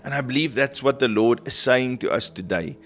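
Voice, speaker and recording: A man in the middle of his voice, teaching a sermon in an earnest, gentle way and pausing to check in with listeners. Faint music plays underneath. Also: medium pitch. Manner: gentle, earnest, frequent "okay?" and "right?" checks. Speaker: prophetic minister.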